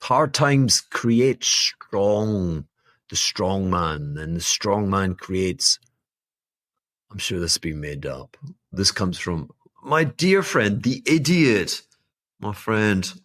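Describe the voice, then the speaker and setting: Male podcast host, solo monologue; very low voice, rambling and self-deprecating, dry sound. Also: expressive, takes it slowly, a bit bright, dry recording. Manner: rambling, wry and self-mocking, with laughing asides. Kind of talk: solo market commentary monologue.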